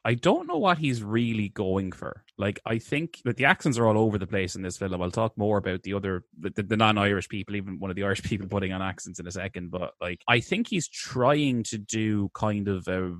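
Lowish dry-voiced man, chatty film critic. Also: fairly quick, few pauses, no room sound. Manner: animated, laughs often, stammering restarts. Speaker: podcast co-host. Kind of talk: casual film review chat.

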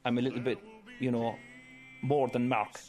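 This is a middle-aged Irish man from County Kerry telling stories about his life as an Elvis tribute act. He talks in a chatty, anecdotal way and slips into other people's voices when he quotes them. His voice sits at a middle pitch, with a little music faintly behind him. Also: flat delivery, normal speed, a little mellow. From Ireland. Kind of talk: storytelling interview.

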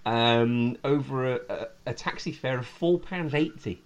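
A man hosts a casual football podcast in a mid-pitched voice. He keeps it jokey and laughs a lot as he runs through the news. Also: measured pace. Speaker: podcast host.

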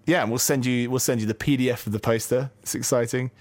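A man's voice: mid-range voice, fast, no room sound. Jokey male co-host, dry close sound. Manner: jokey, deadpan quips. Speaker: podcast co-host. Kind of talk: casual podcast chat.

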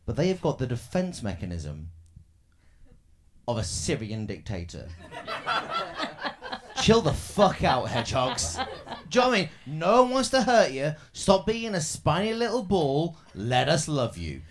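A man's voice: a little high, huge pitch swings, a little slow, background noise. A man on a live comedy panel, ranting in a sweary, exasperated way. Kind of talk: live panel show banter. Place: live comedy venue stage.

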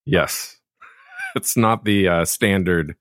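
A man with a very low voice asks questions and offers short, encouraging reactions. The sound is dry and close to the mic. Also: huge pitch swings, drawn-out words, a bit bright, dry recording. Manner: brief and encouraging. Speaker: interviewer. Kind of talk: casual podcast interview.

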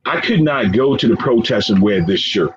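A man being interviewed as a guest, speaking earnestly and with deep emotion, often repeating phrases and calling his listener "man.". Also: animated, moderate pace. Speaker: guest, professor and founder of a forgiveness organization. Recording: dull lo-fi sound with faint background noise.

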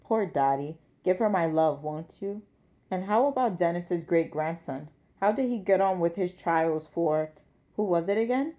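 A woman's voice: lowish voice, expressive, warm tone, highs cut off. A woman voicing a fondly exasperated daughter. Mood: chiding. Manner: brisk, fondly chiding. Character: grown daughter, an academic, fond but exasperated.

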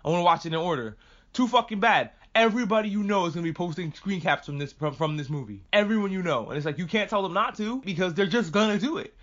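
Male podcast host, quick and slightly high, swears freely, rambling recap, dull lo-fi audio. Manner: profane, animated, jumps between tangents. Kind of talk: casual ranting recap.

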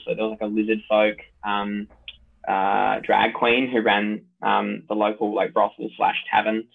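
Over a tinny phone-like connection, a weary dungeon master rambles through casual podcast talk, stumbling on fillers and restarting often. He speaks fairly quickly in a lowish, creaky, husky voice.

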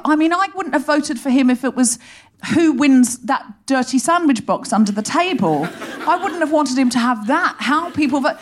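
Brief: female comedy host, animated and sardonic, live stage monologue, somewhat high voice. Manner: animated, sardonic, rapid comic storytelling. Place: live theatre stage before an audience.

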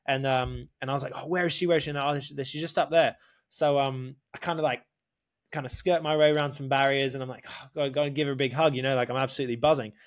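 A man telling a story in casual podcast chat, animated, swearing often and calling the listener mate. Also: medium pitch, fast. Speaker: podcast guest.

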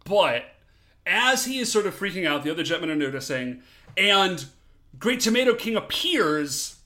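A man co-hosting a podcast, chatting casually as he recaps a TV episode, animated and laughing as he acts out quotes. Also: high voice, normal speed. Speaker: podcast co-host.

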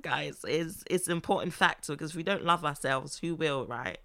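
A woman co-hosting a casual podcast, giggly and easily moved, and she reads passages aloud now and then. Her voice is bright and forward, pitched a little low for a woman, and the room is dry and close. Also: a little fast, hardly any pauses, no room sound. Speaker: podcast co-host. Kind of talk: casual chat.

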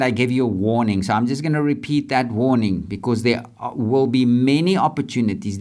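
A podcast host with a mid-range, darkish voice leads a leadership podcast. He talks earnestly and a bit repetitively about faith and purpose in a casual, motivational way.

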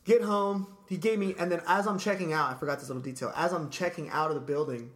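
A man's voice: a little high, fast, a bit bright. A man casually telling a long story in a podcast chat, laid-back and profane, dropping "dude" and "like" constantly.

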